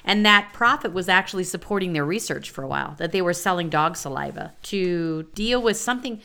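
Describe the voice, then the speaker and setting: Bright-voiced woman, rambling co-host. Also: on the low side, animated, a little fast, vocal fry, smooth. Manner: rambling, self-correcting, laughs often. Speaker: podcast co-host. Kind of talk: casual chat.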